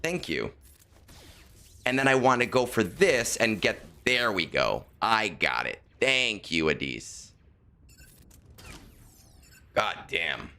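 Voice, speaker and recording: A man's voice: on the low side, big pitch swings, slow, long pauses, pushed and bright. A man streaming a video game, chatting casually with viewers and muttering to himself as he works out his moves. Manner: muttering to himself, self-correcting. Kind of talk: casual livestream chat while playing.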